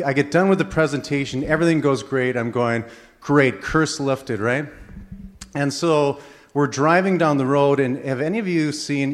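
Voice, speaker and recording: A man from Minnesota telling a string of anecdotes to an audience, animated and full of fillers and restarts. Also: mid-range voice. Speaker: speaker at a faith-based presentation. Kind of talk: storytelling talk to an audience.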